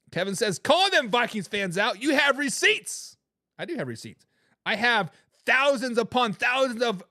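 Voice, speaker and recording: The sports talk show host here has a high, bright, forceful voice. As he reads the live chat, he goes on a rant mocking and trash-talking fans, repeating words when he's fired up. It's a dry, clean studio recording.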